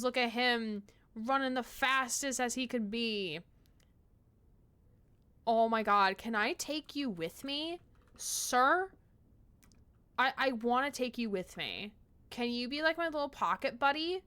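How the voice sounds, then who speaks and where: A woman streaming a puzzle game, chatting casually, gushing excitedly and swearing now and then. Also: a little high, slow pace, long pauses, smooth. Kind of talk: live-streamed gameplay chat.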